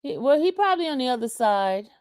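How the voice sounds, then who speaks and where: A woman's voice: high-pitched, very animated, fast, a little mellow, dry recording, studio quality. A woman hosting a casual livestream, reading chat comments aloud and taunting a commenter. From New York. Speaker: livestream host.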